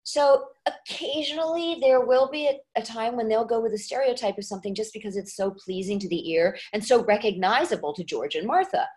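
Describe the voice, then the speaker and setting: A woman who coaches dialects, chatting as an interview guest and jumping into quick acted examples as she explains. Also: on the high side. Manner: animated, acts out voices when giving examples. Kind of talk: casual interview chat.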